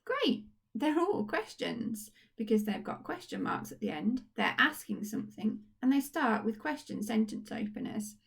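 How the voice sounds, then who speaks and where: A woman's voice: a little high, sing-song, normal speed, gravelly. A woman teacher giving a recorded phonics lesson to young children, upbeat and encouraging. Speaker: primary school teacher. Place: at home.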